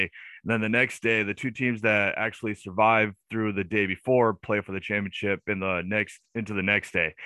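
A man's voice: on the low side, bright, forceful tone, no room sound. A man from the northern United States hosting a casual podcast, chatty and jokey with lots of fillers. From northern US near Canadian border. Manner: rambling, filler-heavy, jokey. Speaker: podcast host.

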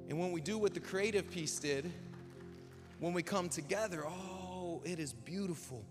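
A young male pastor preaching in a church hall, his voice carrying a long reverb. His tone sits a bit high for a man. He swings between quiet, drawn-out lines and loud, punchy ones, with relaxed, chatty asides. Music plays steadily behind him. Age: young adult. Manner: dynamic, swinging from hushed and slow to loud and emphatic; casual, conversational asides with fillers like "like" and "man". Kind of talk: sermon. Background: background music.

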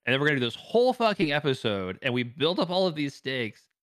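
Man, quick talker, bright tense voice, dry close sound, animated profane ranting. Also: on the high side, no echo. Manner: fast, animated, profane ranting with acted-out quotes. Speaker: podcast co-host. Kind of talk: casual chat reviewing a show.

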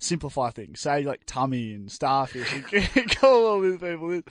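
A man's voice: on the high side, very animated, moderate pace, no echo, studio quality. A young Australian man co-hosting a community radio show, telling rambling stories with lots of ums and giggles. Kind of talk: casual banter.

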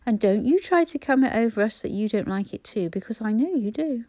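A woman's voice: a little high, expressive, fairly quick, mellow, no room sound, natural voice. A woman voicing a blunt, cocky young boy in a storybook. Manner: blunt, downright.

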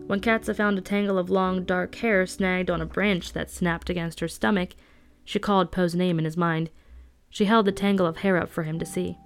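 Low-voiced woman reading a novel. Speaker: audiobook reader.

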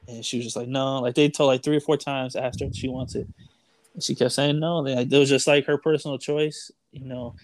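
A man's voice: medium pitch, fairly even intonation, fairly quick, dry recording. A young man telling a story in casual chat, rambling with lots of "like", "dude" and "bro". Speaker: storyteller guest.

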